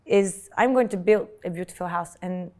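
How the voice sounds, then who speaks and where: A woman, telling her own life story as an interview guest in an earnest, halting way, often repeating words when moved. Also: fairly low pitch, darkish tone. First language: French. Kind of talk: emotional personal storytelling. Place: Dubai.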